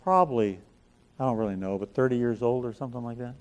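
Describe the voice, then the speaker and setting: A man's voice: medium pitch, fast talker. A middle-aged man giving a motivational talk on a conference stage, telling folksy stories with self-deprecating jokes. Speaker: speaker at a chiropractic business conference. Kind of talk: motivational talk to a live audience.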